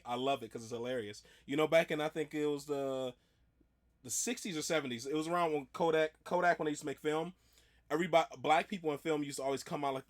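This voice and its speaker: A man hosting a reaction video, talking in a rambling, chatty way full of restarts. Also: mid-range voice. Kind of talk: casual reaction commentary.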